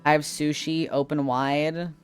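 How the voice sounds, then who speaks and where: A man's voice: on the high side, level tone, unhurried, clean tone, soft background music. A man streaming from home on a headset mic, chatting playfully with his chat in a sassy way and sometimes screaming. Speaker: livestreamer reading chat.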